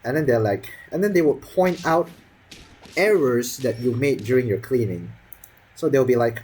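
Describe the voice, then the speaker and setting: A man's voice: mid-range voice, fairly quick, darkish tone, slightly rough, low-quality recording. A young man in his teens telling a school story as a casual, profane, sarcastic rant full of fillers.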